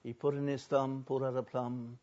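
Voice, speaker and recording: An older man, a pastor, preaching a sermon, swinging between soft and loud and drawing out words for emphasis. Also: medium pitch, flat delivery, fairly quick. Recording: dull lo-fi recording.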